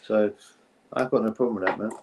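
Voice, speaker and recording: A man's voice: fairly low pitch, fairly even intonation, fairly quick, lo-fi sound, background noise. Male stream host, casual and rambling, chats loosely with viewers between donations. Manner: rambling and chatty, thinks aloud with fillers; reads out donations and thanks viewers. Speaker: boxing livestream host. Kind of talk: casual livestream chat.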